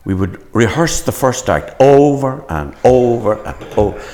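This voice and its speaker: A man's voice: medium pitch, very animated, measured pace, warm tone. An older man, a stage actor, reminiscing in an interview with rambling, stop-start storytelling.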